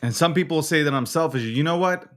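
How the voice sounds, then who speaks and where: A man with a slightly high voice talks fast as he hosts a nightly recap show. He's angry on camera, swearing heavily and repeating himself over and over.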